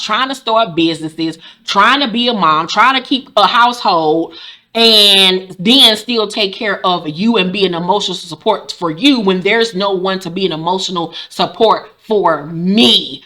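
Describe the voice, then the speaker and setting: A woman in her forties with a bright, forceful tone. She talks in a blunt, sassy, profane way, like a YouTube host giving an unfiltered casual recap of a reality show. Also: medium pitch, unhurried. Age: 40s.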